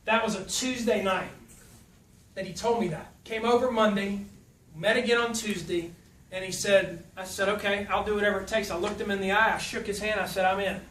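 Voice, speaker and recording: A high, bright-voiced man with a drawl delivers a folksy, joking motivational talk. He is picked up from a distance in a reverberant hall, with a faint murmur of the room behind him. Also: fairly even intonation, a little fast, slight background noise. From South Louisiana. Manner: folksy, humorous, puts on voices when quoting. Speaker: motivational speaker. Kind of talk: motivational speech with storytelling. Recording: echoey hall from far off.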